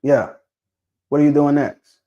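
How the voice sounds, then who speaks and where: Animated man prodding his viewers. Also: a little high, a little slow, dull audio. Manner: animated, prodding viewers with questions, repeats himself. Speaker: livestream host discussing dog pedigrees. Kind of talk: casual livestream chat.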